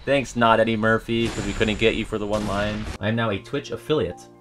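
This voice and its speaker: A young man streaming a video game, joking and swearing, swinging from mumbles to yells, with faint music behind him. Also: fairly low pitch, flat delivery, fairly quick. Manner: swears a lot, jokey, swings from mumbling to yelling. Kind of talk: casual game-stream commentary.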